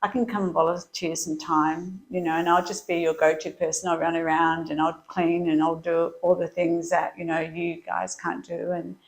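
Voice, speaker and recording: A middle-aged woman telling her story as an interview guest, chatty and quick to laugh. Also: on the low side, flat delivery, gravelly, low-quality recording. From Australia.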